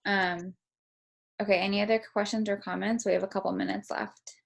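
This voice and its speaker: Brief: team leader on a video call, a woman with a gravelly, fry-laced voice, casual and filler-heavy, salty language. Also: medium pitch, level tone, a little fast.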